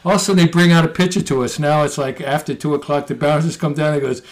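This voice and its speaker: Animated, swearing male podcast storyteller. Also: fairly high pitch, quick pace, hardly any pauses. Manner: animated storyteller, swears freely, acts out quotes. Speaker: podcast co-host. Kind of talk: casual sports chat.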